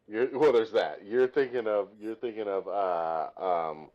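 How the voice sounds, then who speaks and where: A man co-hosting a podcast, chatting casually in an animated, rambling, self-deprecating way. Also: fairly low pitch, measured pace, dull audio. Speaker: podcast co-host. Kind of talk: casual chat.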